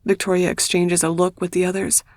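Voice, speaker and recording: A woman reading a first-person audiobook in a measured, intimate storytelling manner on a close studio mic. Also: lowish voice, level tone, a little mellow, no echo. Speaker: audiobook narrator.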